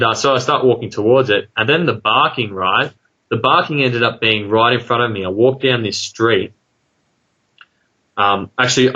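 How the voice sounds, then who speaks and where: A man with an Australian accent telling a long story about his own experience in a casual, rambling way, full of fillers, quickening into excited asides. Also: on the low side, muffled recording. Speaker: guest telling an encounter story.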